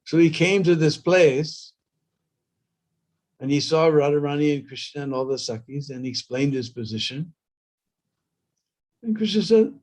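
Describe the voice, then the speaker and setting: A man's voice: fairly high pitch, lively intonation, a little slow, long pauses, a little mellow. A man preaching a storytelling sermon, talking conversationally and prompting listeners with "hmm?" and "huh?".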